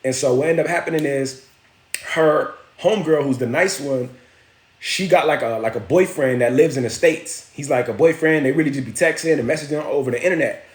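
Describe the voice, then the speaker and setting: Brisk and on the high side, this man's voice carries a slangy story on his live stream, interrupted by shout-outs greeting and thanking viewers. A roomy echo surrounds him.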